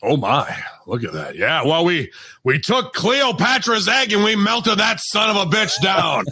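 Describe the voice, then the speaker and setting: A man doing a comedic impression of a gruff, profane old wrestling company boss who rambles and calls everyone pal. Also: high-pitched, big pitch swings, a little slow, bright, forceful tone, heavily acted. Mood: blustering.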